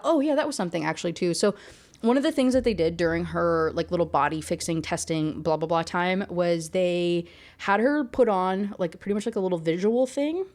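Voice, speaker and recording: A woman's voice: lowish voice, animated, a little fast, darkish tone. A woman giving a candid, exasperated rant review of a book, peppering her talk with "like" as she vents. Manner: exasperated, candid, heavy use of 'like'.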